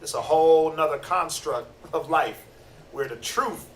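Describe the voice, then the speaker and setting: A man giving a casual, slangy sermon-style Bible teaching, animated and conversational. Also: a little high, a little slow. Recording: roomy, distant mic, faint noise.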